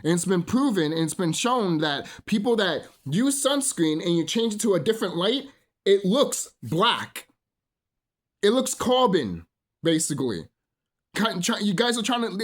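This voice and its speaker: A man delivers a profane, rambling solo rant, stumbling through fillers as he preaches to his listeners. His voice sits somewhat high and swings widely in pitch as he works himself up. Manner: preachy, addresses listeners as brothers and sisters. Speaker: vlogger. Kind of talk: solo ranting monologue.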